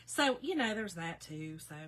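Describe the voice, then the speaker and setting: A woman in her fifties, a little hoarse, chatting casually with viewers by name during a crafting live stream. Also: mid-range voice, big pitch swings, normal speed, fairly bright tone. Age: 50s. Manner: chatty, talks to viewers by name, laughs often. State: slightly hoarse, recovering.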